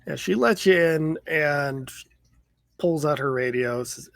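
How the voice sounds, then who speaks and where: A man narrating a tabletop role-playing game as game master, in a slow, relaxed way. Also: fairly high pitch, creaky, no room sound.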